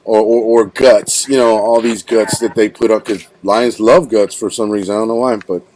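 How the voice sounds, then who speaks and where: A man's voice: fairly low pitch, steady tone, normal speed, darkish tone, slight background noise. A man hosting a casual podcast interview, rambling and slangy, calling his guest bro and dude. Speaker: podcast host.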